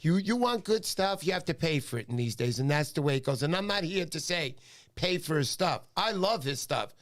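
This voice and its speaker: A man's voice: on the high side, animated, brisk, fairly bright tone. A man hosting a casual fishing livestream, chatting with a guest and telling rambling stories full of quoted voices. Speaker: livestream host. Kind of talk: casual chat.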